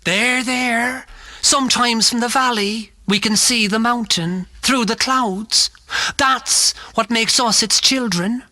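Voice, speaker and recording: A soothing cult guru. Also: male voice, very high voice, takes it slowly, no echo, exaggerated voice. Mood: serene. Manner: soft, soothing, preachy. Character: soothing cultish male guru, serene. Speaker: seminar guru.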